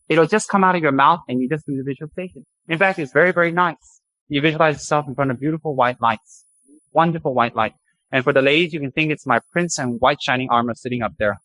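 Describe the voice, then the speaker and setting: A man teaching a Buddhist practice, chanting long mantras slowly and then explaining them in a lively, joking way. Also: mid-range voice, dry recording, rough recording.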